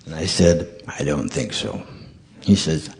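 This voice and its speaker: Animated male storyteller giving a talk. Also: extremely low pitch, a little slow, creaky. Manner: animated storyteller acting out dialogue. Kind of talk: storytelling sermon.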